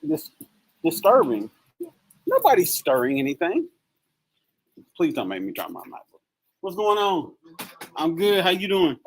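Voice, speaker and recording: A man hosting a motivational live stream in casual chat, animated and joking, laughing often. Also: high-pitched, unhurried, gravelly, pauses often, husky, low-quality recording.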